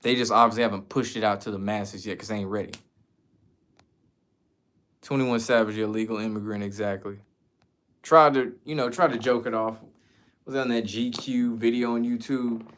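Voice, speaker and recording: A man's voice: on the low side, fairly even intonation, normal speed, long pauses, fairly bright tone. A man from the United States chatting casually as a streamer, answering viewer questions in a loose, slangy, profane way. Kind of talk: casual chat.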